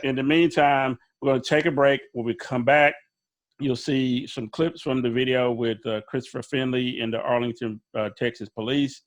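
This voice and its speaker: A man hosting a talk show, introducing segments and a guest in a relaxed way. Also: medium pitch, normal speed. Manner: relaxed, with fillers and restarts. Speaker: host.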